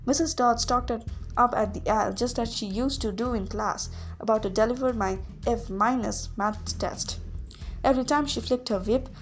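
A woman reading a novel aloud as a first-person narrator, lively, with occasional small slips. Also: fairly high pitch, moderate pace, faint music behind. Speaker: audiobook reader.

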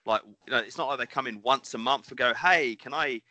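New zealand man, middle-aged, bright tone, dry close mic, rambling podcast chat. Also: medium pitch, fairly quick, no echo. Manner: rambling, swears, laughs often. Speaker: podcast co-host.

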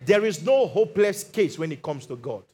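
A man's voice: on the high side, normal speed, slightly rough. A male pastor preaching a sermon, telling Bible stories with acted-out quotes and calls for amen. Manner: animated storytelling, acts out Bible quotes.

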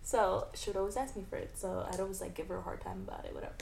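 Gravelly young woman telling stories. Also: medium pitch, racing, a crowd in the background. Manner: animated storytelling, frequent laughter, casual swearing. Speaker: podcast co-host. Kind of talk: casual chat. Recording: faint background noise.

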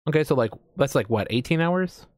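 A man's voice: medium pitch, expressive, a little fast, no echo, studio quality. An American man in casual chat as a host, rambling with lots of fillers and casual swearing. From United States.

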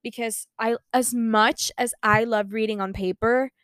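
A teenage girl, talking in a smooth, bright-toned voice that sits a little high. She gushes excitably and swears freely in casual chat. The sound is close and dry, with no room around it. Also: unhurried, dry recording. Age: teens. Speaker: podcast host.

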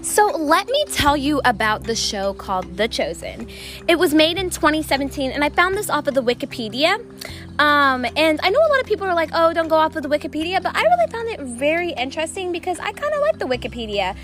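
A woman's voice: high-pitched, very animated, fairly quick, a bit bright. A woman hosting a casual faith podcast outdoors, chatty and enthusiastic, with many fillers. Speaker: podcast host. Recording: music playing underneath.

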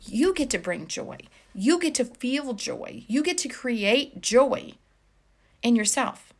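A woman's voice: a little high, big pitch swings, takes it slowly. A woman life coach giving casual, encouraging advice to viewers, chatty with many fillers.

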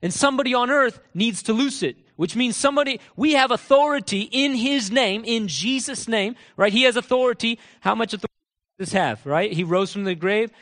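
A man preaching a sermon in a church, emphatic and full of rhetorical questions, sometimes dropping to quiet asides. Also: extremely high pitch, brisk. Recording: long reverb of a large hall.

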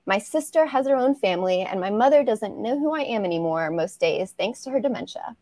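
A woman's voice: medium pitch, expressive, fairly quick, dark tone, no echo. A woman reads a chapter of her own romance novel aloud over a video call. She is casual and laughs easily. Her voice sits in a middle register, and the sound is close and dry. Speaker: romance author, guest.

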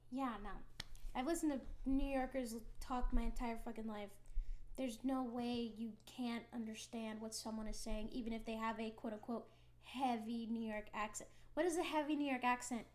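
A woman's voice: fairly high pitch, steady tone, normal speed, a little mellow, reverberant. A woman co-hosting a podcast, speaking bluntly and emphatically in casual chat, with plenty of swearing. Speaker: podcast co-host.

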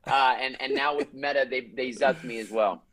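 A man who grew up in France, talking as a podcast guest in a mid-pitched, ordinary voice. He sounds upbeat and playful, cracking jokes with high energy. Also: steady tone, normal speed, fairly bright tone. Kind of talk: casual podcast chat.

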